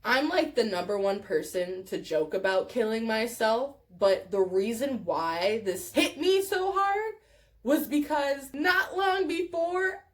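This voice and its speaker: A young woman telling a wild personal story in a profane, animated vlog style. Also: a little high, slow pace. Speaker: vlogger.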